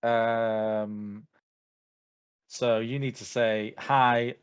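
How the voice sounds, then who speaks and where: A male actor joining as a guest for a casual chat. His voice sits at a medium pitch. He comes across as easygoing and modest. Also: level tone, extremely slow, smooth.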